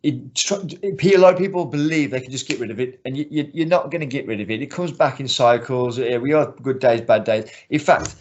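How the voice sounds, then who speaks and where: A man coaching martial arts talks things through in an earnest, rambling way, doubling back on his words. His voice sits at an ordinary middle pitch. The recording is a bit dull and lo-fi. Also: a little fast, few pauses, slight background noise. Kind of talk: casual interview talk. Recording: slightly muffled lo-fi recording.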